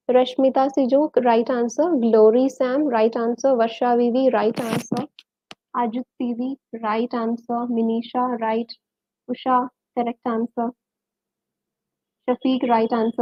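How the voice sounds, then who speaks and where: A woman's voice: a little high, no room sound, muffled recording. A woman with a Malayali accent teaching a live online English lesson, quizzing viewers and reading out their names and answers.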